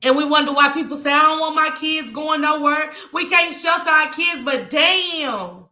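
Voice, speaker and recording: A woman's voice: high-pitched, moderate pace, pushed and bright, roomy sound. A woman vlogger talking to her viewers in an impassioned, tearful way and reading out their chat comments. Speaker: YouTube vlogger. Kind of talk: emotional livestream talk to viewers.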